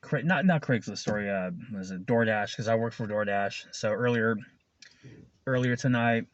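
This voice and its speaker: A man's voice: lowish voice, normal speed, no echo. A man who works as a food delivery driver telling a story in a casual, rambling way, swearing often and chuckling between lines. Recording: dull lo-fi recording.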